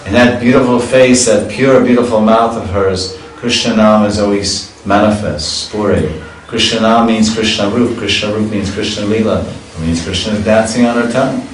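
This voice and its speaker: A man's voice: fairly low pitch, steady tone, moderate pace, slight background noise. A man teaching a scripture class. He reads verses and then explains them in a chatty way, with chuckles. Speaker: spiritual teacher. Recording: echoey hall, distant mic.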